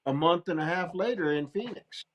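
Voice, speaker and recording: A man's voice: sits high, lively intonation, moderate pace. A plainspoken man telling a hunting story in a casual, salty way. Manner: plainspoken, salty, laughs at himself. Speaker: guest storyteller.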